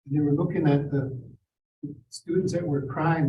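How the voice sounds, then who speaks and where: An older Seneca man telling personal stories at a community forum in a measured, reflective way. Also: fairly high pitch, steady tone, mellow, highs cut off, slight background noise. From Seneca Nation. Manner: measured, reflective, quotes people in acted voices. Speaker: forum speaker. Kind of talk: personal storytelling. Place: school district forum room. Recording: roomy, distant mic with faint ambience.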